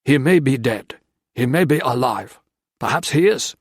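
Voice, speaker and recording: A man's voice: medium pitch, lively intonation, normal speed, husky, no echo, studio quality. A man reading an audiobook, voicing a cold, contemptuous Japanese army colonel who speaks curtly. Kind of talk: audiobook character voice.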